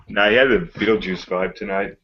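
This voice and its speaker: Joking male co-host, lowish voice, muffled sound with faint hiss. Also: bright, forceful tone. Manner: joking, quick to laugh. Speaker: podcast co-host. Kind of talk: casual chat.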